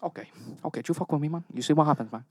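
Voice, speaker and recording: A man doing a volatile gangster, hot-tempered, taunting, put-on gangster accent, pitched up, hushed, dry close sound. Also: rapid-fire, husky, dry recording.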